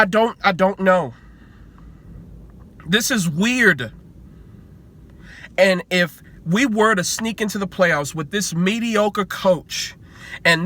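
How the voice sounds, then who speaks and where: A man's voice: high voice, bright, forceful tone. A man in his twenties, a sports vlogger, ranting in heated commentary with repeated rhetorical questions and free swearing.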